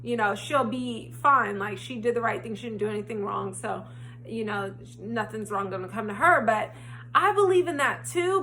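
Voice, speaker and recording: A young woman vlogger telling a personal storytime in a casual, animated way that rises to indignation. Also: on the high side, a little hiss or hum. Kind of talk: storytime vlog. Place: home, frogs heard outside.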